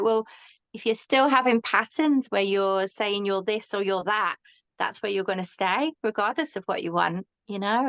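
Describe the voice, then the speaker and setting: A woman hosts a podcast in a casual, frank chat, her voice animated as she acts out little quoted lines. The recording sounds dull and muffled, with a dry, close sound and no room echo. Her pitch sits in an ordinary middle range. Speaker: podcast host.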